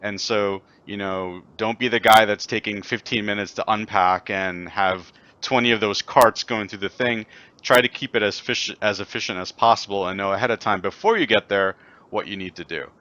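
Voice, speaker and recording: A man's voice: lowish voice, fairly even intonation, moderate pace, bright, forceful tone, dry recording, dull audio. A man co-hosting a casual chat show, easygoing and upbeat, sharing his own conference habits. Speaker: podcast co-host.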